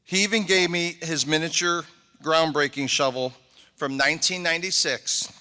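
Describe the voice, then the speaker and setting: A middle-aged man gives a heartfelt inauguration speech with a very bright, forceful tone and a fairly high voice. The sound carries a long reverb from a large convention hall. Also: steady tone, moderate pace. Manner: heartfelt and emotional, thanking people one by one. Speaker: mayor.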